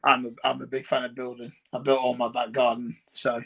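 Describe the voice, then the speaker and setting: Bright chatty man hosting. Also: medium pitch, monotone, a little fast, gravelly. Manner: chatty, laughs along, eager. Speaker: host. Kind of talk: casual interview chat.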